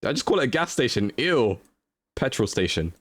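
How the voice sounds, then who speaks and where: A man's voice: mid-range voice, big pitch swings, a little fast, a bit bright, no room sound. A young man streaming live, chatting casually as he thinks aloud through a guessing game and answers his chat.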